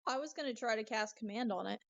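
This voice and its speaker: A woman's voice: on the high side, fast, vocal fry, lo-fi sound. A woman player chatting hesitantly in a tabletop game. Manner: hesitant, filler-heavy. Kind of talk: casual tabletop game chat.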